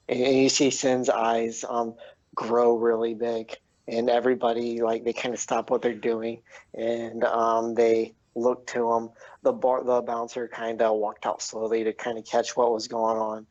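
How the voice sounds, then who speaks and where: A man narrates a tabletop role-playing game as game master, slowly and haltingly, with frequent ums. The recording sounds dull and lo-fi. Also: medium pitch, monotone, darkish tone, no room sound.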